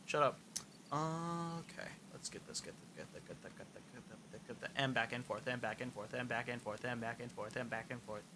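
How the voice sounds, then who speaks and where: A young man of medium pitch and normal speed streams a game, chatting casually, rambling, and poking fun at himself while he mutters along. The background is noisy.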